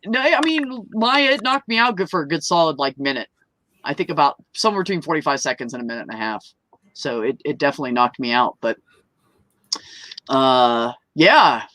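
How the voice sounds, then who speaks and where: Bright-voiced woman telling a wild story. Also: low-pitched, dry recording. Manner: animated, swears freely, laughs mid-story; acts out quoted voices. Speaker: open mic storyteller. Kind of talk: casual storytelling.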